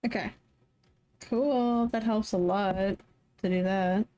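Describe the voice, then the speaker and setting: A woman's voice: mid-range voice, fairly even intonation, slow, warm tone. A tired woman streaming live, mumbling to herself as she draws. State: tired, yawning. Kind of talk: casual live-stream commentary while drawing.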